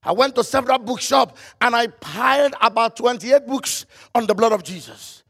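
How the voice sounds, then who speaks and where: A man preaching a fervent sermon, quoting scripture in old-style phrasing and breaking into shouts. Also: very high-pitched, animated, normal speed, gravelly, slightly rough.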